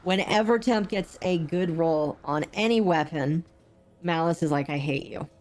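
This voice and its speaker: A woman streamer chatting casually over her gameplay, rambling with frequent ums, and sounding unwell and low on energy. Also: a little slow, a little mellow.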